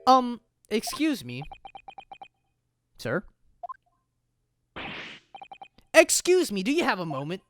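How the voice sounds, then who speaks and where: A woman's voice: lowish voice, very animated, moderate pace, music in the background. A woman voicing a polite, flustered young man, reading in a hesitant, questioning way.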